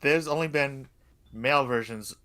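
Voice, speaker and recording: A man's voice: mid-range voice, normal speed, sharp tone. Man musing in casual chat. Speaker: streamer.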